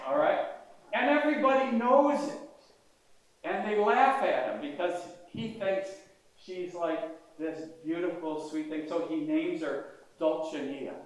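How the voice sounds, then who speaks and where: A man's voice: medium pitch, muffled recording. An older man, a priest, preaching a sermon in a conversational way and asking his congregation questions. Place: large church. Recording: echoey church heard from a distance.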